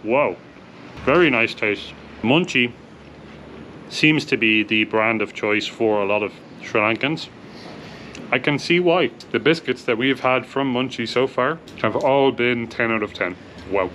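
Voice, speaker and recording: A man's voice: medium pitch, a little slow, a bit bright, slight background noise. A young Irish man hosting a casual vlog, upbeat as he tries snacks and rates them out of ten. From Ireland. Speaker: vlog host.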